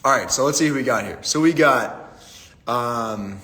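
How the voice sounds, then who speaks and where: A man's voice: mid-range voice, normal speed, pushed and bright. Upbeat young man hosting a livestream, echoey room. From Pittsburgh, USA. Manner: upbeat, greets viewers by name. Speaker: livestream Q&A host. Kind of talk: casual live-stream chat. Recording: echoey room with long reverb.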